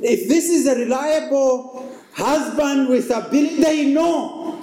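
Male preacher, high and mellow, echoey room with faint ambience. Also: unhurried. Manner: emphatic, repetitive preaching with rhetorical questions. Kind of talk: sermon.

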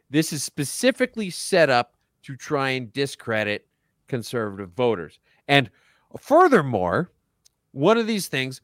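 A man's voice: medium pitch, no room sound, clean studio sound. Sarcastic man on a podcast. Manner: sarcastic, joking, mocking. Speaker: podcast co-host. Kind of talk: casual podcast chat.

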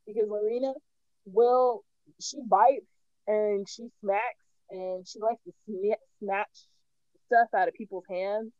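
A woman's voice: a little high, measured pace, warm tone, dry recording, highs cut off. A woman co-hosting a casual chat, telling stories animatedly and laughing often. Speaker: podcast co-host.

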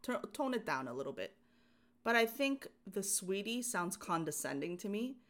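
A woman co-hosting a podcast, chatting casually and telling an animated story with fillers and laughs. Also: medium pitch, moderate pace. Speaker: podcast co-host. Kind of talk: casual chat.

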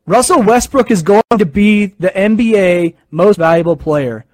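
A young man with a fairly high voice talks about basketball in a casual monologue. He tells his stories with excited, animated energy and quick asides. The recording is dry and close, with no room sound. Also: no room sound. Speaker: sports fan sharing opinions.

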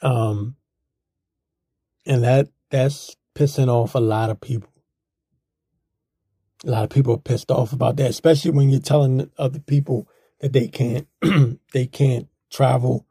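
A man's voice: mid-range voice, fairly even intonation, unhurried, long pauses, warm tone, slightly rough, no room sound, studio quality. A man giving a casual, rambling political opinion monologue in a blunt, mocking manner. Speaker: political commentator.

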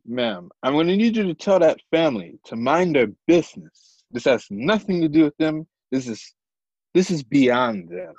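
A man role-playing a firm, officious agent at a tabletop game. His husky voice swings up and down, heard through a dull, dry, lo-fi mic. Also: fairly high pitch, lively intonation, normal speed, a little mellow, no room sound. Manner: stern, officious, repeats "ma'am". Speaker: player. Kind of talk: in-character tabletop role-play.

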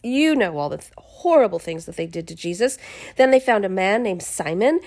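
Woman, mid-range voice, casual scripture retelling, chatty, expressive, stops and restarts. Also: mid-range voice, normal speed. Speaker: podcast host reading the Bible.

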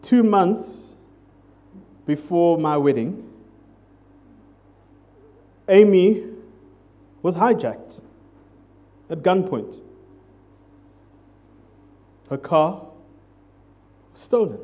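A pastor preaching in an unhurried, easygoing sermon. His voice sits high for a man yet sounds mellow and warm. He keeps it conversational and jokey, checking in with the congregation as he goes. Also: animated.

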